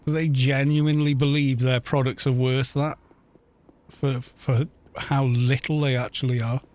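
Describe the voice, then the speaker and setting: A man chats casually over a game livestream, ranting with scornful disbelief. His voice sits at an ordinary middle pitch. He rambles and often starts over in the middle of a sentence. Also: little pitch movement, unhurried, a little mellow. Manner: incredulous, mocking rant; rambling, with restarts and fillers. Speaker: game streamer. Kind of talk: casual livestream chat while gaming.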